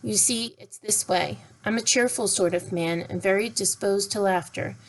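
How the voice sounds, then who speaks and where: A woman's voice: mid-range voice, normal speed, close to an everyday voice, low-quality recording. A woman voicing a cheerful, round, bald old uncle who talks in a jolly, apologetic way in a storybook reading.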